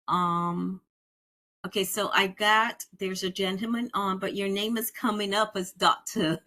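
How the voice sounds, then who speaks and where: A woman's voice: medium pitch, pushed and bright. A woman chairing a community committee meeting over a video call, welcoming members by name in a friendly way. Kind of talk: online meeting roll call.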